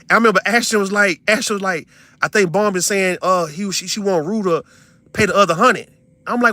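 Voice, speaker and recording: Young man, heated profane streamer rant, high bright voice, dry close sound. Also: animated, fairly quick, dry recording. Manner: profane, repetitive, incredulous, swings between loud and muttered. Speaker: livestreamer venting to his audience.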